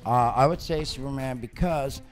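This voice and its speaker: A man co-hosting a casual comic-book debate, laid-back and gravelly, throwing in goofy sound effects as he tells his ideas. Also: mid-range voice, moderate pace, soft background music. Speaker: co-host.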